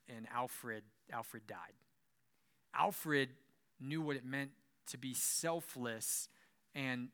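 A young man preaching a sermon as a pastor, telling stories in an animated way, swinging from soft to loud and chuckling now and then. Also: sits high. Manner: animated storytelling with big swings in loudness and occasional chuckles.

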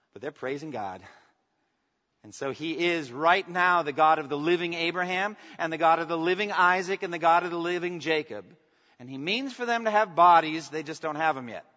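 A man preaching a sermon as pastor, swinging from emphatic declarations to soft, intimate asides and asking the congregation for response. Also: a little high. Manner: preaching with rising emphasis, then dropping to soft, intimate lines. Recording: long reverb, dull lo-fi sound.

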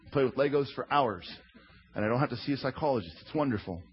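A man in his thirties, a pastor preaching a sermon with humorous, animated storytelling. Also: medium pitch, fast talker, a little hiss or hum. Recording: slightly muffled recording.

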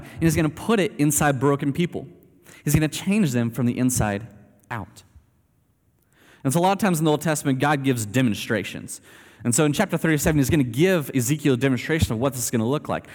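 Casual preacher in a reverberant hall. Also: male voice, fairly high pitch. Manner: conversational, animated storytelling. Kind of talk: sermon.

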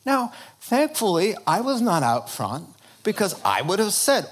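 A man preaching a sermon with a fairly high voice. He tells his points as lively, humorous stories and often restarts his phrases as he goes. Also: measured pace, slightly rough. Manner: animated, humorous storytelling with frequent restarts. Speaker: pastor.

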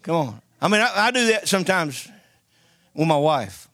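A man preaching a sermon, lively and joking as he tells a story and calls out to the congregation for responses. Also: a little high, normal speed.

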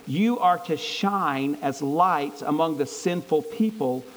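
Reading and unpacking scripture, a male pastor delivers an earnest, conversational sermon full of stumbles and restarts. He speaks slowly at a fairly high pitch, and the audio is poor.

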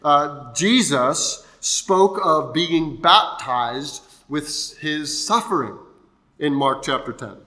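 A pastor preaching a Sunday sermon, explaining scripture in a conversational, teaching way. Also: male voice, fairly high pitch, animated, slow pace, bright, forceful tone.

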